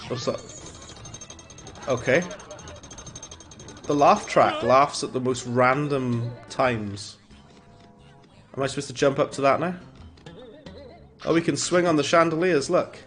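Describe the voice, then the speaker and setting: A man's voice: medium pitch, slow, long pauses, a bit bright. A man giving casual, rambling gameplay commentary as a streamer, chuckling at his own jokes. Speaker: gaming streamer. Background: faint game music.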